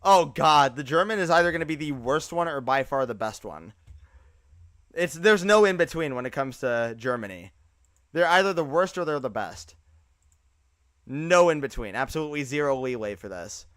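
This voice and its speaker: A young man streaming live, chatting casually and excitably, laughing often and sounding tired. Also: a little high, normal speed, no echo, clean studio sound. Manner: excitable, laughs often, uses fillers like bro. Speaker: livestreamer. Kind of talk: casual live reaction chat.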